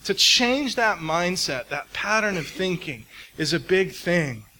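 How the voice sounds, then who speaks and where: Man preaching, high bright voice, earnest, hushed on tender words, quickens in stories, faint room hum. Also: expressive, rough recording. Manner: earnest, speeds up when telling stories, drops to soft intimate tones. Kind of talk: sermon.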